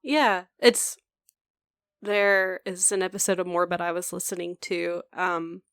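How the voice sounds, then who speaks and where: A woman's voice: fairly low pitch, fairly even intonation, a little slow, a bit bright, smooth, no echo, studio quality. A young woman co-hosting a casual podcast, chatting loosely with plenty of "like" and "um". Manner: chatty, full of "like" and "um" fillers. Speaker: podcast co-host.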